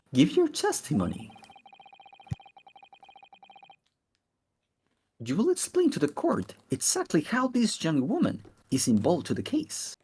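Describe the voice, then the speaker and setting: Woman playing a pompous old judge, deep. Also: dark tone, breathy edge, heavily acted. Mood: stern. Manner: formal, stern, theatrical outbursts. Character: stern, pompous elderly male judge. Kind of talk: fan dub voice acting.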